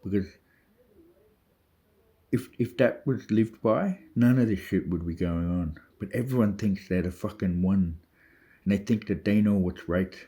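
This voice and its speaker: A man's voice: on the low side, measured pace, warm tone, slightly rough. A man delivering a rambling, urgent spiritual monologue to camera, full of swearing and restarts. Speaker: vlogger. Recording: dull lo-fi audio.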